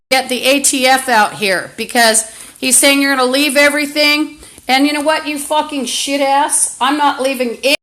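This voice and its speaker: A high-voiced woman livestreaming a rambling monologue into a phone or camera mic. She sounds agitated and swears constantly, stumbling through fillers and restarts. A faint hiss sits under her voice. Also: fairly bright tone, rough recording.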